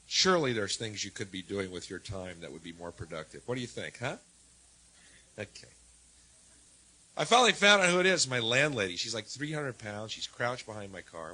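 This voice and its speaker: A sardonic man working through a stand-up set, dropping to low mutters and then hitting lines loudly. His voice has a bright, forceful edge and lively swings in pitch. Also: brisk, low-quality recording. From United States. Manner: wry, sardonic, shifts between mutters and loud jabs. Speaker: stand-up comedian. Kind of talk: stand-up routine.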